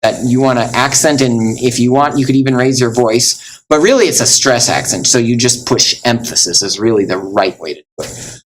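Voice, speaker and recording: A man teaching Latin in a recorded lesson, explaining step by step with many fillers and slowing down to spell out words. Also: medium pitch, a little hiss or hum, low-quality recording.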